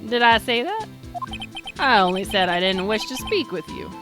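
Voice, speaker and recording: A woman's voice: medium pitch, sing-song. Woman putting on a drawling cowboy lawman. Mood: laid-back. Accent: put-on Texan cowboy drawl. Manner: folksy drawl, slow and easygoing. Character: drawling middle-aged cowboy lawman, laid-back and wistful. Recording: game music playing behind. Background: video game music.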